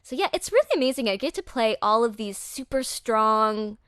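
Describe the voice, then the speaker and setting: A woman voice actress chatting as a podcast guest, talkative and quick to laugh. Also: on the high side, lively intonation, fairly bright tone, clean tone, no echo, studio quality. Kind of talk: casual interview chat.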